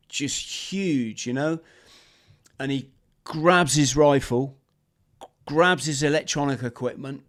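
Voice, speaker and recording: A man, a former marine guest on a podcast, telling a lively story and acting out the shouts, talking over a video call. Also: medium pitch. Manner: animated storyteller, acts out shouted quotes. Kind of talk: storytelling interview.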